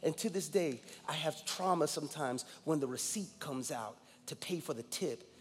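A man's voice: on the high side, lively intonation, normal speed, big-room sound. A man in his forties from New York, a guest pastor preaching a sermon with emphatic personal storytelling. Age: 40s.

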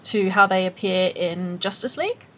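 A woman's voice: medium pitch, lively intonation, moderate pace, a bit bright. A woman with an Australian accent hosting a podcast in casual chat, blunt and opinionated, often laughing. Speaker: podcast host.

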